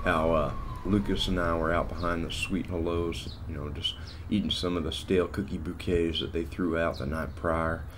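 A man's voice: sits low, steady tone, normal speed, noisy background, close to an everyday voice. A man voicing a scruffy, beer-bellied, self-important guy who narrates in a rambling, meandering way full of false starts. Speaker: cartoon lead and narrator. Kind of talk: rambling storytelling.

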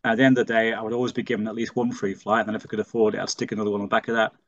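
A man's voice: fairly low pitch, level tone, very fast, dull audio. A middle-aged man from Leeds, telling stories in an interview as a pilot and flight instructor. He brings his anecdotes to life and acts out the dialogue in them. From Leeds, England. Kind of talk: storytelling in a conversational interview.

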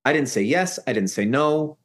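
A man speaking as a guest on an interview show, recounting a painful episode from his past. He talks in halting bursts, restarting sentences and circling back on the same phrases, his pitch sitting in an ordinary middle range. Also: animated. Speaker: podcast guest. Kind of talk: emotional personal storytelling.

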